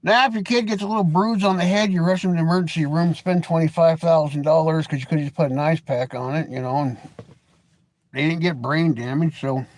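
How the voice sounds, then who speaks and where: A man's voice: fairly high pitch, fairly even intonation, fairly quick, darkish tone. A middle-aged man hosting a live stream, chatting loosely with folksy, opinionated ranting. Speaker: livestream host. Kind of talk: rambling live stream chat.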